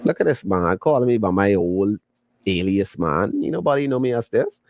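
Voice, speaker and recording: A man hosting a podcast, casually chatting and reading viewer comments in a playful, slangy, excitable way. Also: on the low side, moderate pace, dry recording. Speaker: podcast host.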